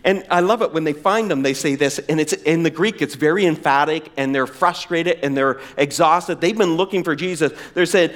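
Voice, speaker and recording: A middle-aged man preaching a sermon, emphatic and animated, slowing down for weight. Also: fairly high pitch. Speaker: pastor.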